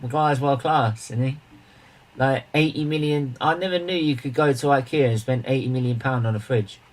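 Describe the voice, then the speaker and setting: A man hosting a casual charity livestream, rambling and repeating himself, with bursts of excited emphasis. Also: mid-range voice, normal speed, poor audio.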